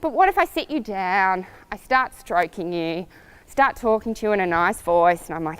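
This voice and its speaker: A middle-aged woman riding coach talking casually to camera, animated and storytelling with laughs. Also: mid-range voice, moderate pace, smooth.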